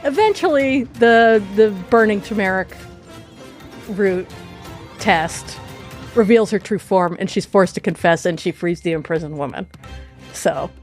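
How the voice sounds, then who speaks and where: A woman's voice: medium pitch, expressive, unhurried, faint music behind. A woman hosting a podcast, casually telling spooky folk tales with a playful, laughing manner. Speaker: podcast host. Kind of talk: casual storytelling chat.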